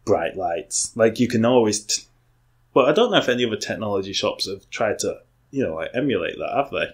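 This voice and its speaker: A man's voice: on the low side, expressive, brisk, slightly rough. A young man, co-hosting a podcast in casual, rambling chat full of fillers and restarts. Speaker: podcast co-host.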